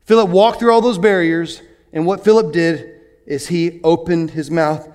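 A pastor preaching a sermon in an animated way, moving from hushed asides to excited bursts. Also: male voice, on the high side, moderate pace.

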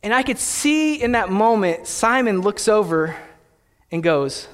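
A young man preaches in an easy, storytelling style, dropping in playful asides. His voice sits notably high. Long reverb rings after his phrases, as in a large church hall. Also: animated, unhurried, clear, resonant tone. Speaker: pastor. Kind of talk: sermon.

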